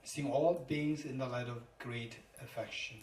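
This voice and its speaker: A man lectures as a Buddhist teacher, repeating key phrases and spelling words out letter by letter. His voice sits at an ordinary middle pitch and is picked up from some distance in a roomy hall, with faint noise underneath. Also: fairly even intonation, a little slow, darkish tone. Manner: emphatic and repetitive, spells terms letter by letter. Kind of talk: dharma lecture.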